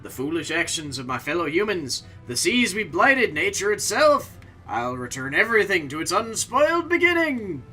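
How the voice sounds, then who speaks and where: A man voicing a gruff, rough-talking male villain boss with a put-on accent, during a live game playthrough. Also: high-pitched, very animated, normal speed, bright, forceful tone, soft background music, voice pushed up, exaggerated voice. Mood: grandiose.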